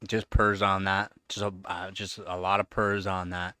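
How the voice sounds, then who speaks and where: A man hosting a casual live stream, answering chat questions and cooing at his pet in a high sing-song voice between relaxed remarks. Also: normal speed, clear, resonant tone, no room sound, clean studio sound. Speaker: livestream host. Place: home computer setup.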